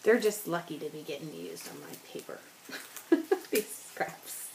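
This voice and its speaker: A woman's voice: low voice, wildly swooping pitch, measured pace, background noise. A woman chatting casually as she works on a scrapbook layout, joking about herself and laughing often. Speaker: scrapbooking vlogger. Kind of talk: casual talk while crafting.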